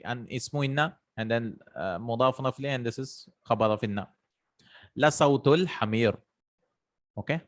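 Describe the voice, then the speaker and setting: A man teaching an Arabic grammar lesson, explaining step by step, reading out example sentences and translating them, and often checking in with "right?" and "hmm?". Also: medium pitch.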